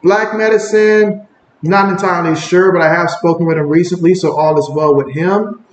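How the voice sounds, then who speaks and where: A man with a slightly high voice hosts a relaxed sports livestream from home, reading out chat comments and calling each play. He sounds echoey in a bare room, and a faint hum of ambient noise sits behind him. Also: normal speed. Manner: reads viewer comments aloud, rises with excitement on plays.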